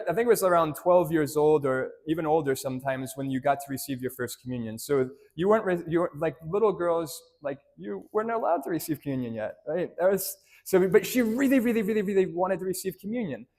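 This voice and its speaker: Priest preaching in a church, chatty storyteller, slightly high male voice, keeps asking "right?". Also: brisk, few pauses, darkish tone. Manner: conversational storytelling, frequent "right?" tag questions; addresses children directly with simple questions. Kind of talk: homily to a parish congregation.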